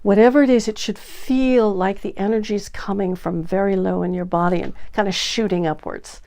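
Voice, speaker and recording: An energetic woman gives a coaching talk to the camera on dating. She acts out examples as she goes, so her voice swings widely in loudness and pitch. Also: moderate pace.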